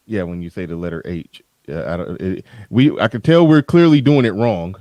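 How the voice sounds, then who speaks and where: A man's voice: sits low, expressive, normal speed, darkish tone, dry recording. A man hosting a casual livestream chat, rambling and often restarting his sentences, into a studio mic with a pop filter. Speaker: host.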